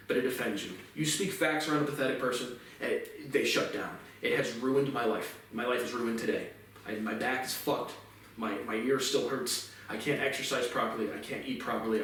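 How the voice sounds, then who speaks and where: A man's voice: mid-range voice, slight background noise. A man vlogging an aggrieved, rambling monologue full of bitter, repetitive complaints. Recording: very echoey room, voice distant from mic.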